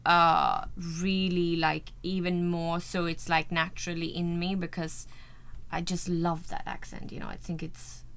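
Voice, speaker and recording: A woman with a European accent talks in a fairly low voice. She chats as an actress in an interview, gushing and sprinkling her talk with "like" and "you know". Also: expressive, unhurried, gravelly, fairly bright tone, clean tone. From Sweden. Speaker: actress guest. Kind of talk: casual interview chat.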